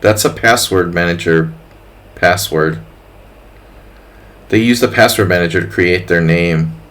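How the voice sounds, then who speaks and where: Slow, low-voiced man streaming chess. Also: fairly bright tone. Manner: jokey, playful asides to chat. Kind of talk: casual commentary while playing.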